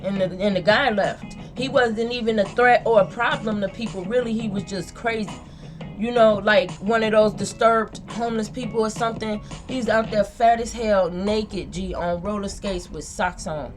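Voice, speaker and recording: A woman's voice: mid-range voice, steady tone, moderate pace, soft background music. A woman who reads tarot, telling a dream in a loose, slangy, rambling monologue. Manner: slangy, rambling, repeats herself. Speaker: tarot reader. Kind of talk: casual monologue recounting a dream.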